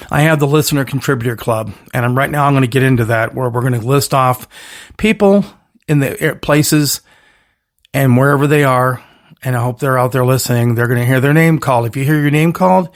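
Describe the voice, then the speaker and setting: A man hosting his own solo podcast, talking in a rambling, emphatic way with punchy catchphrases and frequent self-corrections. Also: medium pitch. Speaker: podcast host.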